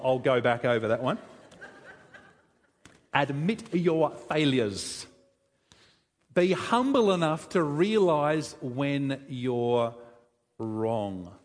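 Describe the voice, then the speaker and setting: A man preaching a sermon, conversational and lively, asking the congregation questions and joking with them. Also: a little high. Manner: animated, conversational, addresses congregation with questions and humor. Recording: long reverb of a large hall.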